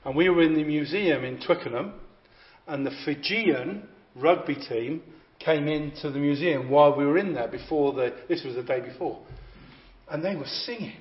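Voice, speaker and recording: A man's voice: fairly high pitch, moderate pace. A man preaching a sermon, emphatic and repeating phrases for effect. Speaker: visiting preacher. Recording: echoey, slightly dull hall recording.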